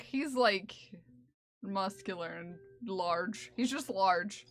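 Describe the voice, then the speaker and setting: A woman's voice: medium pitch, takes it slowly. A woman chatting casually on a livestream while knitting, laughing often and talking fondly to her cat. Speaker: streamer.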